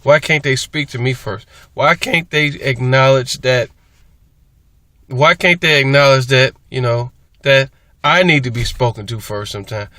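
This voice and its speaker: A man's voice: mid-range voice, a little slow, bright, forceful tone, dry recording. A man talking casually to his viewers in a rambling, repetitive way, often restarting his sentences. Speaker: vlogger. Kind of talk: casual monologue to camera.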